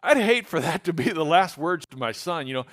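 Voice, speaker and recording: A man with a somewhat high voice teaches from the Bible. He has a relaxed, folksy delivery and mixes plain modern phrasing with read-aloud verses in older English. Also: brisk. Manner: folksy, retells scripture in everyday words, reads King James verses aloud.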